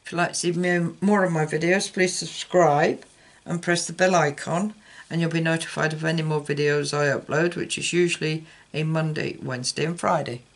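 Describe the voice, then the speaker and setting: A man's voice: fairly high pitch, steady tone, moderate pace, gravelly. A man hosting his own craft channel, chatting loosely while making a card and sometimes losing his train of thought. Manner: chatty, rambling, loses track mid-thought. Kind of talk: casual card-making demonstration.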